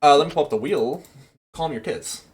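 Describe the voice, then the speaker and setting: A man's voice: fairly high pitch, a little fast, a little hiss or hum. A man hosting a casual podcast chat, joking and laughing often. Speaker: podcast host.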